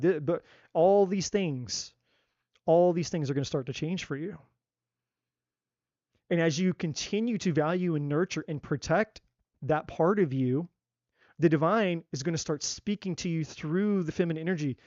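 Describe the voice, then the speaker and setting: A man's voice: a little high, normal speed, a little mellow, no echo, muffled recording. A man giving a live tarot reading, talking emphatically in a repetitive style and swearing casually. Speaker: tarot reader. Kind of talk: live-stream spiritual talk.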